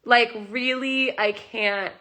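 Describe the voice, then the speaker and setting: A woman's voice: fairly high pitch, steady tone, takes it slowly, bright, forceful tone. A woman chatting casually and emotionally on a live stream from her phone, rambling with many "like"s. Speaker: kitten rescuer talking on a live stream.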